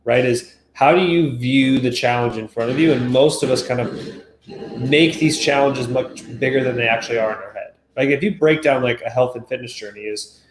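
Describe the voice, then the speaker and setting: A man's voice: medium pitch, brisk, echoey room, poor audio. A man in his thirties, a nutrition expert co-hosting a casual chat from home, thinking aloud and often asking "right?". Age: 30s. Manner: thoughtful, leans on "right?" and "like". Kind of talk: casual video-call chat. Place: home office.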